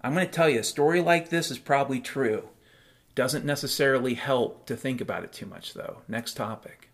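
A man delivering a rambling monologue, profane and sardonic, sliding into deadpan absurdist storytelling. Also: mid-range voice, moderate pace. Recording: faint piano music behind.

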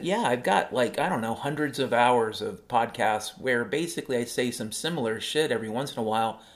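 A man in his fifties hosting a solo podcast, ranting in a sarcastic, profane way. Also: medium pitch. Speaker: podcast host.

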